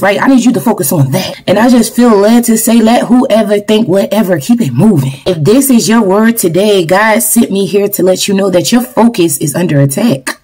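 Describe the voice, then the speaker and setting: A woman's voice: mid-range voice, a little mellow, slightly rough. A young adult woman preaching a fervent online sermon, repeating "glory be to God" and reading scripture. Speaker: online minister. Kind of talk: preaching to camera.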